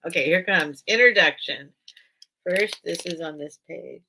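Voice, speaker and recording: Slow, gravelly-voiced woman live-stream host. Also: lowish voice, pushed and bright, a little hiss or hum. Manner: emotional, choking up while reading; slow, halting, with many restarts. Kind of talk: casual live-stream chat and reading aloud.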